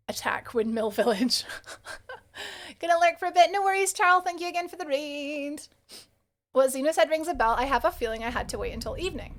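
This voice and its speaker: A chatty woman with a high, light voice, streaming a game live. She talks casually to her viewers, laughs easily, and coos affectionately at her dog between moments of play.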